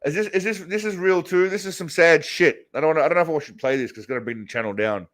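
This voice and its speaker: A man's voice: on the high side, quick pace, fairly bright tone. A man hosting a casual reaction show, rambling and swearing heavily as he comments on clips. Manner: crude, rambling, heavy swearing. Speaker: host reacting to videos.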